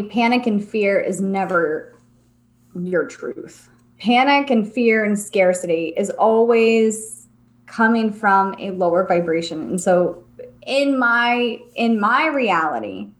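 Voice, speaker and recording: A young woman co-hosting a casual spiritual chat podcast, earnest and reflective, dropping low to stress a point. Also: expressive, measured pace. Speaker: podcast co-host.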